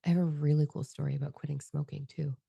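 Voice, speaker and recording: A woman's voice: sits low, level tone, fast talker, creaky, warm tone, husky, dry recording. A woman speaking as a podcast guest, blunt and profane, emotionally open in a candid conversation at her desk at home.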